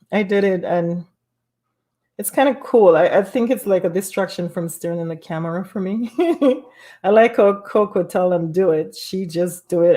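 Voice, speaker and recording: A woman's voice: on the low side, mellow. A woman hosting a casual live stream from home, reading viewer comments aloud and laughing often. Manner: laughs often, bubbly and chatty.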